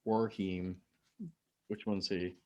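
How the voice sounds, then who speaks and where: A man's voice: low-pitched, little pitch movement, takes it slowly, mellow, muffled recording. A man co-hosting a podcast in casual film talk, asking questions and laughing easily. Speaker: podcast co-host.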